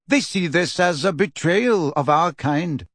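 A man voicing a calm, aloof male centaur teacher, speaking in a measured, quietly dismissive way. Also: on the high side, no room sound, studio quality, pitched above the performer's own voice. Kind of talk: audiobook character reading.

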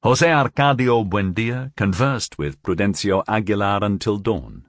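A man narrating a novel as an audiobook, in a measured, expressive storytelling manner. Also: on the low side, dry recording, clean studio sound.

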